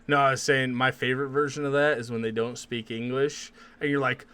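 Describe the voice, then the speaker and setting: A man's voice: medium pitch, level tone, a little fast, sharp tone, clear, resonant tone. A man hosting a casual podcast chat, laid-back, swearing often and laughing easily. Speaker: podcast host.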